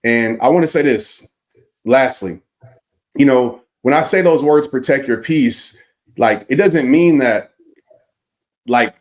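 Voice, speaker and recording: A man's voice: medium pitch, slow pace, pauses often. A man who works as a motivational speaker, a podcast guest telling a personal story in an earnest, reflective way. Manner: earnest and reflective, with vivid retelling.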